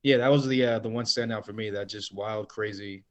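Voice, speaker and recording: A man's voice: lowish voice, steady tone, a little fast. A man co-hosting a sports podcast, rambling with many fillers as he recalls a game. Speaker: podcast co-host. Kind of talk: casual sports podcast chat.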